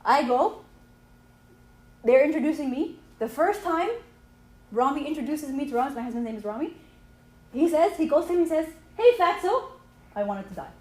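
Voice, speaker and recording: An animated woman with a high, bright voice speaks to a church audience, checking in with a quick "okay?" after many lines. Her voice rings through an echoey hall over faint ambient noise. She sounds like a speaker in her thirties working through a slide talk.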